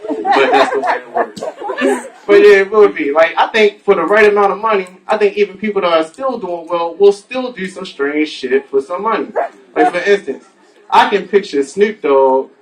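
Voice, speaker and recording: A man's voice: fairly high pitch, noisy background. A man doing a stand-up comedy set on a club stage, crude and playful with the audience. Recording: distant mic with music behind.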